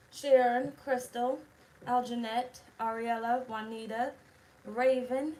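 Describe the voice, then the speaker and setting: A woman's voice: on the high side, normal speed. A woman talking casually as a tarot reader, blunt, chatty and full of swearing. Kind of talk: casual tarot video chat.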